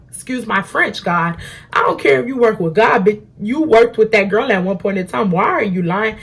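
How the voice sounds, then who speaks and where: A young adult woman at home, telling an animated, slangy story while doing her makeup. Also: medium pitch, normal speed, gravelly, breathy edge. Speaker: beauty vlogger.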